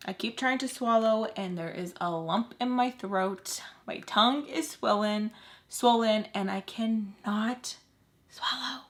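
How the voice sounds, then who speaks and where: A woman vlogger retelling a personal story casually, emotional and halting, with repeats. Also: on the high side.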